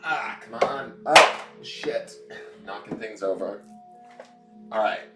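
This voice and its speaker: A man's voice: lowish voice, a little slow, echoey room, loud music behind the voice. A man hosting a casual tarot live stream, chatting in a playful, campy way and greeting viewers by name. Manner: playful, campy, joking asides. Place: indoors at home.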